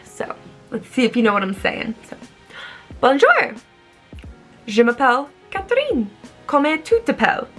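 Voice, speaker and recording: A young woman, an online English teacher, explaining in a casual, bubbly, animated way and acting out words. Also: fairly high pitch, vocal fry.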